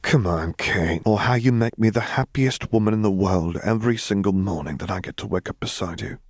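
A man reading aloud voices Caitlin, a gentle, composed young woman who speaks quietly and slowly. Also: on the low side, no room sound, studio quality, natural voice. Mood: tender. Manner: soft, quiet and measured.

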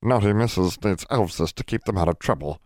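A man's voice: fairly low pitch, animated, normal speed, a little mellow, dry recording, clean studio sound, pitched above the performer's own voice, natural voice. A man voicing a timid, servile female house elf who stammers and talks in broken grammar for a storybook reading. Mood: fretful.

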